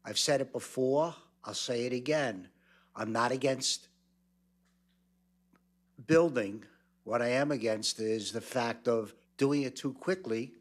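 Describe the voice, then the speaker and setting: A man giving an earnest, measured public comment at a county board meeting, speaking into a podium microphone. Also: mid-range voice, fairly bright tone.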